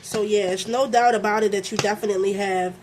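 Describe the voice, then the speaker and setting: A young adult woman from Baltimore, USA, with a Baltimore accent gives a casual tarot reading, using lots of fillers, checking in with "okay?", and swearing freely. She speaks fast at a medium pitch with fairly even intonation, over a noisy background.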